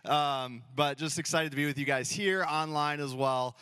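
A man's voice: a little high, normal speed, bright, forceful tone, clean tone, dry recording. Friendly storytelling male pastor, dry sound. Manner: casual, storytelling, acts out dialogue playfully. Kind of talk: sermon. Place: church sanctuary.

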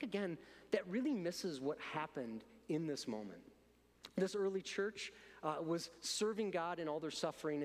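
A man with a somewhat high voice delivers a sermon from the pulpit. He talks earnestly and conversationally, often doubling words as he restarts a thought. A long church-hall reverb trails after his voice. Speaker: pastor. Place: church sanctuary.

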